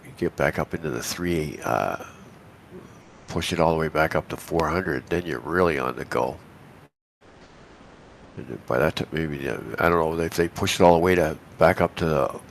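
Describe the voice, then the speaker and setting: A man, hoarse and raspy from a cold, co-hosting a live futures trading stream in a chatty, rambling way with many restarts. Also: very deep voice, a little hiss or hum. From Canada. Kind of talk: casual live market commentary.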